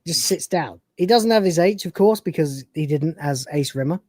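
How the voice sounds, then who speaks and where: Woman host, mellow low voice, dry close sound, lively scene-by-scene retelling. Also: moderate pace, no echo. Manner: animated retelling of scenes, laughs and swears freely. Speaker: podcast host. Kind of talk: casual review chat.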